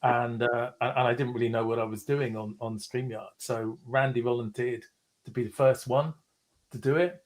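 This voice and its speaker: A man's voice: mid-range voice, fairly even intonation, moderate pace. Guest guy on a call, trips over his words, mid voice. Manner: stumbling, repeats words. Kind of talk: casual memorial chat.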